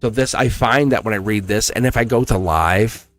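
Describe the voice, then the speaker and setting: A man hosting a members-only tarot livestream in casual chat, animated and laughing often as he talks to his viewers. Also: fairly low pitch, normal speed, no room sound, faint music behind. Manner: chatty and animated, laughs often, acts out quoted exchanges. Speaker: tarot reader and channel host.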